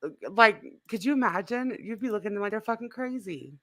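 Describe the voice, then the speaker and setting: Giggly woman yapping on her channel, bright voice, dry close mic. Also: medium pitch, animated, fast talker, no room sound. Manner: giggly, chatty with lots of fillers. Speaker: YouTube commentary host. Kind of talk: casual commentary chat.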